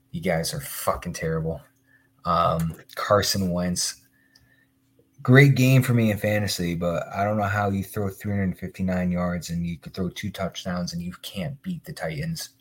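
A man's voice: low-pitched, breathy edge. A young man co-hosting a podcast, reeling off football stats in casual sports chat. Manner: rapid stat-listing banter. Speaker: podcast co-host.

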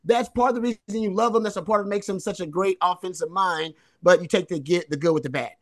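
A high-pitched man co-hosts a sports podcast, talking quickly. He breaks down a football game casually, repeating phrases to stress his points.

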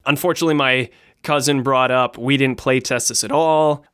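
A man co-hosting a podcast about board games, chatting in an animated, enthusiastic way. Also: medium pitch, normal speed, smooth, no room sound, clean studio sound. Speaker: podcast co-host. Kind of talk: casual chat.

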